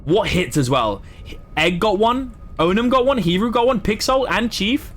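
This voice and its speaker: A streamer from Southwest England, whose English accent carries American influences, gives casual, chatty live gameplay commentary. His voice is high-pitched and a bit bright, animated, at normal speed, and he swears freely.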